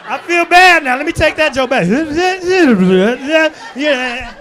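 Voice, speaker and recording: A man performing a stand-up comedy set in a club, working the crowd with loud bursts and low asides. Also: lively intonation, slow pace, background noise. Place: comedy club stage before a laughing crowd. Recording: live club recording with crowd laughter. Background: audience laughter.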